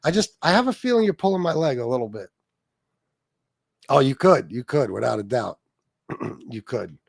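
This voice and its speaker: A man's voice: medium pitch, very animated, moderate pace, gravelly, husky, no room sound. A man hosting a livestream, reading chat comments aloud and commenting in a profane, mocking way. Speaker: livestream host.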